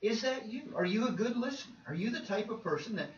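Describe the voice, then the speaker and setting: A man's voice: sits high, lively intonation, fast talker. A man preaching a sermon with emphatic delivery, repeating words and acting out the quotes he cites. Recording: roomy, distant, dull with faint noise.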